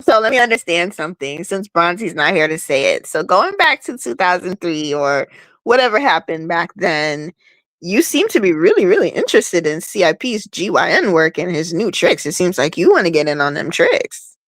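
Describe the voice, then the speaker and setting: A woman's voice: fairly low pitch, big pitch swings, normal speed, a bit bright, no echo. A woman co-hosting a casual chat, teasing and prodding with wry questions.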